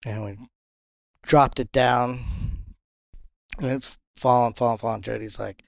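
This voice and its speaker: A man who captains a charter fishing boat, telling fishing stories in a casual interview and jumping into high voices when he quotes others. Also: a little slow, vocal fry, long pauses, no room sound, studio quality. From Pompano, Florida. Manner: animated storyteller, jumps high when quoting others.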